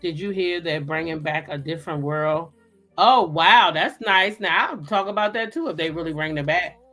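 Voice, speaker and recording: Woman host, lowish voice, sassy soap recap chat, faint music under. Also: normal speed. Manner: sassy, animated storytelling with acted quotes.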